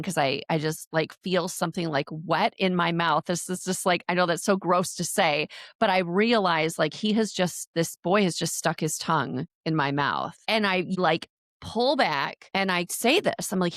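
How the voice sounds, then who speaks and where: A woman recounts her own story in an earnest, halting way, often stopping and restarting her sentences. Her voice sits fairly low for a woman. The sound is dry and close, with no room echo. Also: a bit bright. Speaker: interview guest. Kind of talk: personal storytelling.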